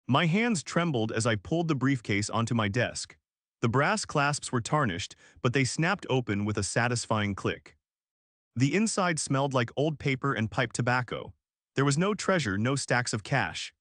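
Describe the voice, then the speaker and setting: Brief: male story narrator, mid-pitched, steady delivery, dry close sound. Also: dry recording. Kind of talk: first-person story narration.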